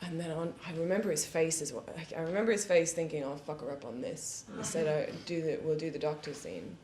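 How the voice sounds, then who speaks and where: Speaking as a guest on a live studio panel before an audience, a woman tells candid, profane stories and laughs often. Her low voice moves at a quick pace with a darkish tone, and the recording has roomy echo and faint background hiss.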